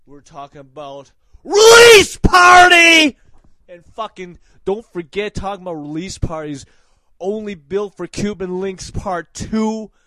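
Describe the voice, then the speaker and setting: A man giving casual, profane hype shout-outs in a swaggering way, breaking into loud shouted names. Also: high voice, unhurried, dry recording, rough recording.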